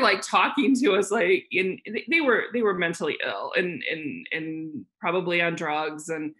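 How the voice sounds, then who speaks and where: A woman real estate agent, a podcast guest, telling lively stories with frequent laughter and lots of fillers. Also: on the low side, normal speed, few pauses. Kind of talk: casual storytelling chat.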